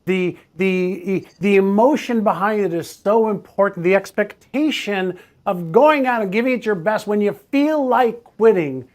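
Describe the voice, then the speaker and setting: A man's voice: high-pitched, lively intonation, measured pace. A middle-aged man hosting an interview, responding in a reflective, affirming way. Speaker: host. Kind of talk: conversational interview.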